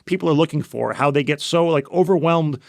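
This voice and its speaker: A man with a gravelly, somewhat high voice chats casually as a guest chef, rambling along with plenty of fillers and restarts. The sound is dry and close, with no room around it. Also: brisk, no echo. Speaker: guest chef and cookbook author. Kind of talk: casual podcast chat.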